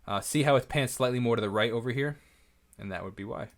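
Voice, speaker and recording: A man, a music producer, giving an excitable, casual breakdown of his track, often correcting himself mid-sentence. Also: mid-range voice, fast. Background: faint music from his session playback.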